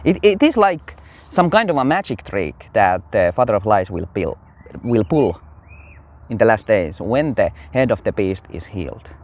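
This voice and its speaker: A man's voice: lowish voice, big pitch swings, normal speed. A man giving casual, rambling religious commentary with many fillers.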